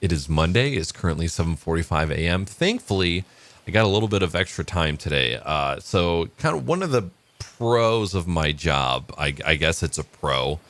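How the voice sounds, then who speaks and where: A man's voice: low-pitched, very animated, normal speed, a bit bright, dry recording. A man casually telling a long joke and chatting in a morning vlog, rambling with many fillers. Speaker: vlogger.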